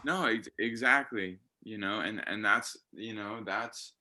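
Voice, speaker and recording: Bright-voiced rambling male guest. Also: fairly low pitch, a little slow. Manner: rambling, heavy swearing and fillers. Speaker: rapper guest. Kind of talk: casual podcast chat.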